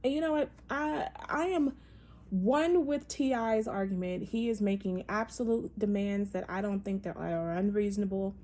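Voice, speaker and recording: A woman's voice: medium pitch, fairly even intonation, moderate pace, mellow. A woman hosting a casual opinion monologue, talking emphatically and animatedly, with many fillers and restarts. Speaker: podcast host.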